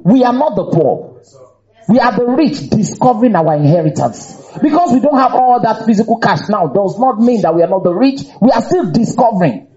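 A man preaching a sermon, emphatic and animated. He repeats phrases for emphasis and breaks into shouts and laughs. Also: high voice, highs cut off.

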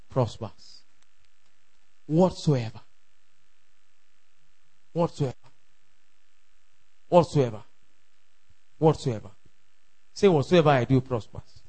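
High-voiced emphatic pastor. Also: male voice. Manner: emphatic, repeats lines for the crowd to echo, shouts at peaks. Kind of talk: sermon.

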